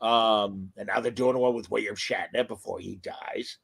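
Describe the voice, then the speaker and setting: A man co-hosting a casual fan chat, enthusiastic and animated. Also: on the low side, normal speed, gravelly, husky. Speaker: podcast co-host.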